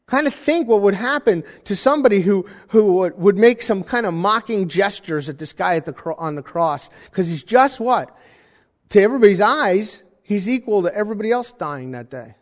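A man preaching a sermon in a conversational style, with jokey asides and animated emphasis. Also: sits high, moderate pace, in a large hall. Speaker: pastor.

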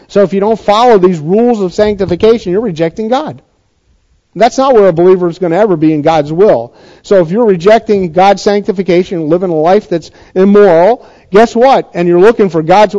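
A pastor preaches to his congregation in a notably high voice that is brisk and dark in tone, posing rhetorical questions before building to emphatic points. His style is conversational, and the recording sounds slightly dull and lo-fi.

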